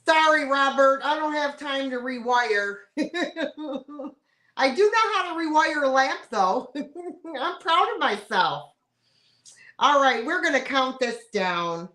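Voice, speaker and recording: A woman hosting a live sale stream, unhurried and quick to laugh. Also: on the high side, fairly bright tone. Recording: echoey room.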